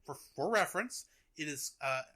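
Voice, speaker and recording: A young man hosting a podcast, retelling a cartoon in a chatty, animated way. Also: a little high, normal speed. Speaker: podcast host. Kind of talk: casual chat, retelling a cartoon.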